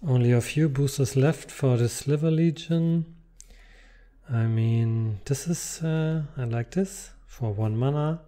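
A man's voice: mid-range voice, slow, mellow. A man casually commenting while unboxing trading cards, reading card text aloud between muttered asides.

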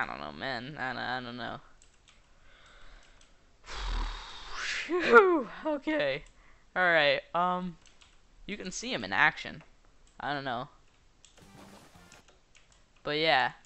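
A young man chats over his gameplay in a loose, meandering way, stopping often to search for words. His voice is bright and clean, pitched a little high. The keyboard clicks now and then as he talks at his desk. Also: clean tone. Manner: rambling, hesitant, many fillers. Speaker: gaming YouTuber. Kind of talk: casual gameplay commentary.

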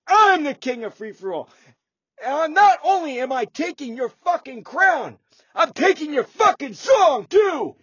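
A man's voice: very high-pitched, sing-song, measured pace, fairly bright tone, no room sound, dull audio. An older man giving boastful, profane trash-talk commentary over his own online shooter match, cackling as he goes. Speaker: gamer. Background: music and gunfire.

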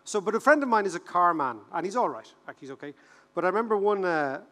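A high-voiced Irish man in his fifties delivers a keynote in a large hall, and his voice rings out with a long reverb. He tells stories with jokes, repeats words for effect, and his pitch swings all over. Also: fast talker. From Ireland. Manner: animated, joking storyteller who repeats words for effect. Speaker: keynote speaker. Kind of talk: conference keynote speech.

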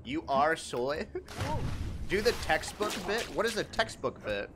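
A young man live-streaming in casual chat, animated and profane as he jokes back at his viewers. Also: a little high, measured pace, over music. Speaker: livestreamer.

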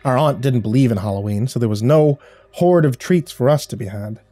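A man reads a horror story at an unhurried, somber pace, his voice dark and mellow. Faint music plays under the narration. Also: mid-range voice, no echo. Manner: measured, somber storytelling with quiet dialogue reads.

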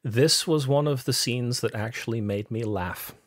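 A man co-hosting a movie podcast, retelling scenes in a dry, measured and amused way. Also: mid-range voice, dry recording. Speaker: podcast co-host. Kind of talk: casual movie review chat.

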